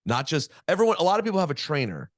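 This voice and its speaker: A man's voice: fairly high pitch, sing-song, no room sound, clean studio sound. A man hosting a casual podcast interview, reacting with enthusiasm and asking questions. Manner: enthusiastic, quick affirmations. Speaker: podcast host.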